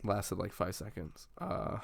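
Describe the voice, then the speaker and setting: A young man chatting casually at his desk about a film he just saw, rambling and swearing with lots of fillers and excited bursts. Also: low-pitched, a little slow, gravelly. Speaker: vlogger. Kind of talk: casual movie reaction chat. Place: at a desk indoors. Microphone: computer webcam.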